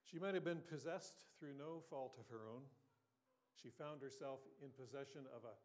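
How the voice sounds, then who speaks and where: Speaking at normal speed in a mid-range, slightly mellow voice, a male pastor delivers an earnest, conversational sermon. He asks his audience questions, restarts sentences at times, and occasionally clears his throat.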